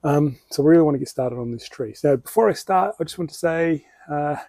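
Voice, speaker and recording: A man's voice: on the high side, fairly quick, creaky, mellow, no echo. A man with an Australian accent hosting his own bonsai channel, explaining tree care in a casual, rambling way that often corrects itself. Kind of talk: casual hands-on tutorial.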